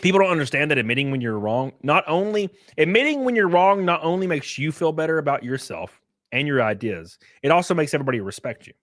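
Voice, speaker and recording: A man's voice: on the high side, animated, fast talker, fairly bright tone, no room sound, studio quality. A young man streaming live, rambling casually and swearing as he comments and greets his chat. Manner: rambling and profane. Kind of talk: livestream commentary.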